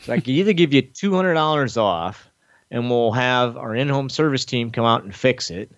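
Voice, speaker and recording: The audio is muffled with no room sound as a man, a podcast host, tells a lengthy story at normal speed. It's casual chat with plenty of cursing, and he performs other people's lines with big pitch swings, animated throughout.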